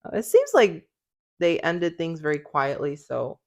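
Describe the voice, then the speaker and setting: A woman's voice: low-pitched, wildly swooping pitch, measured pace, a little mellow. A young woman co-hosting a podcast in casual chat, giggly and full of fillers. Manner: chatty, giggly, lots of fillers and "like". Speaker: podcast co-host.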